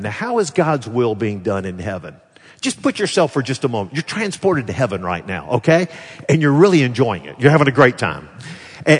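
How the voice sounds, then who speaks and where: Earnest preacher in a reverberant hall. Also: male voice, medium pitch, husky. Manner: earnest, asks the congregation questions, repeats scripture slowly. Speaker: pastor. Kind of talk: sermon.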